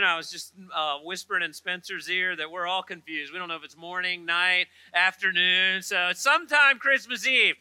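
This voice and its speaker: A man's voice: high voice, normal speed, hardly any pauses, bright, forceful tone, smooth, no room sound, poor audio. A middle-aged man, preaching a sermon in a church with humorous storytelling and chatty asides. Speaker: pastor. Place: church auditorium.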